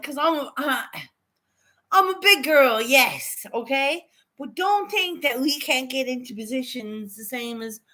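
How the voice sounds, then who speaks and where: Giggly, bright-voiced woman telling stories. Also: sits high. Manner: giggly, swears a lot, animated storytelling. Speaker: livestreaming vlogger. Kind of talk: casual storytelling chat.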